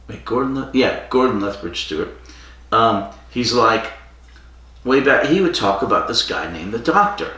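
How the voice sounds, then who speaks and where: A man's voice: mid-range voice, animated, measured pace, long pauses, sharp tone. A man co-hosting a podcast, casually retelling a story with fillers and quoted lines. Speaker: podcast co-host. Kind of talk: casual chat. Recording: echoey room from far off.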